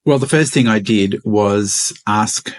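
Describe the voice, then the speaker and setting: A man with an Australian accent, co-hosting a podcast and explaining things in an unhurried way, with frequent ums and restarts. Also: fairly low pitch. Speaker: podcast co-host. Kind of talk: casual podcast chat.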